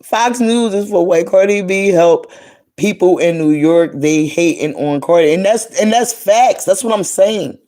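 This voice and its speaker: A woman's voice: on the low side, a little slow, dark tone. Profane ranting woman, heated and repetitive. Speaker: commentary vlogger. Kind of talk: casual commentary, reading tweets aloud.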